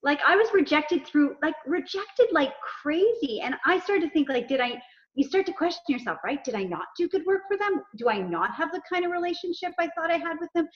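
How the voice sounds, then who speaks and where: Woman, executive coach, high voice, animated storytelling, casual interview, dull lo-fi audio. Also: a little fast. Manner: animated storyteller acting out dialogue. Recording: dull lo-fi sound.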